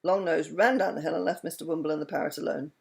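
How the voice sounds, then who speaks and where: A woman reads a children's story aloud with expressive delivery. Her voice sits low and carries a gravelly texture. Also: fast talker. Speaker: storybook reader.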